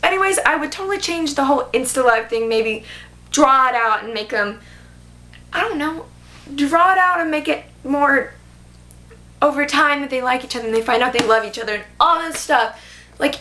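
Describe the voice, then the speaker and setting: Teenage girl, high voice, bright tone, chatty book vlog, gushing, lots of "like". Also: normal speed. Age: teens. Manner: animated, gushing, uses lots of "like". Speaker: booktube vlogger.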